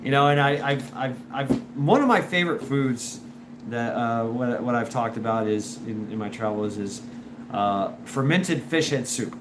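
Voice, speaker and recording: A man hosting a show in a casual, rambling monologue, full of restarts and repeated words, and animated when he imitates other people. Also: medium pitch, unhurried. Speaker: show host. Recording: noisy background.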